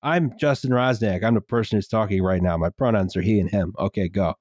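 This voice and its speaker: A man's voice: fairly low pitch, brisk, a little mellow. A man in his late twenties hosting a podcast, laid-back with a dry sense of humor in casual chat. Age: 20s. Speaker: podcast host.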